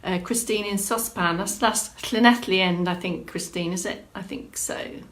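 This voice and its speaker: A woman's voice: medium pitch, moderate pace, a bit bright. A woman exercise instructor hosting a live-streamed movement class, chatting through viewer comments and giving encouraging prompts. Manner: encouraging, gives clear prompts.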